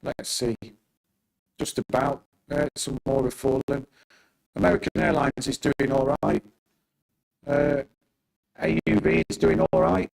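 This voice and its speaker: Deeply gravelly middle-aged man hosting a live stream. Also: a little slow, long pauses, a little mellow, rough recording. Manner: chatty, answers viewers by name, rallying encouragement. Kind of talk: casual live market commentary. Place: home desk, working on a laptop.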